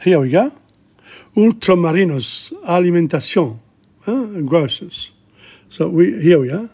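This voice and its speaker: A man teaching a casual vocabulary lesson, slowly repeating words aloud with hesitant fillers. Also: sits high, animated, darkish tone, breathy edge. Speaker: language teacher.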